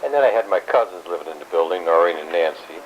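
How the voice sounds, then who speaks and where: Older grandfather, deep voice, blunt rambling storyteller, dull lo-fi home tape with faint hiss. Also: expressive, fast talker. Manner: rambling, blunt, salty language. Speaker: grandfather telling his life story. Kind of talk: casual family storytelling.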